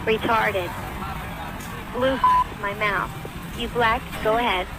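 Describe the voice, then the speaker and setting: A woman flatly reading out a crude prank message for a relay call, with no feeling in the delivery. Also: on the high side, takes it slowly, loud music behind the voice, heavily acted, low-quality recording. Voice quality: flat, emotionless delivery. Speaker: text-to-speech relay reader.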